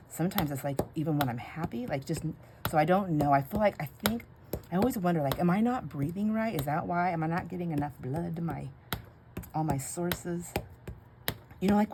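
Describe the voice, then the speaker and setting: A middle-aged woman chatting and rambling casually while making labels at home, laughing often and musing aloud. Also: low-pitched. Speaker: crafting vlogger. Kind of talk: casual chatty crafting vlog. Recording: home recording with steady background noise.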